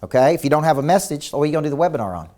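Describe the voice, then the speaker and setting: In a slightly high, dark-toned voice, a male business coach races through a virtual seminar with lively intonation. He's intense and emphatic, peppering the audience with rhetorical questions and repeating words whenever he launches a new point.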